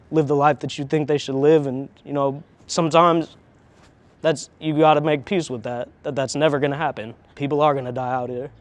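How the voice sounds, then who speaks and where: A man talking candidly in an interview, frank and profane, reflective, often restarting his sentences. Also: a little high. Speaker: interviewee, harm reduction worker.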